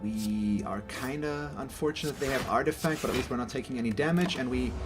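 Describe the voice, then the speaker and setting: Over music, a gaming channel host speaks at medium pitch and a little fast. He's a man from Germany whose native language is German, and his English commentary on the game is chatty and rambling, full of mid-sentence self-corrections.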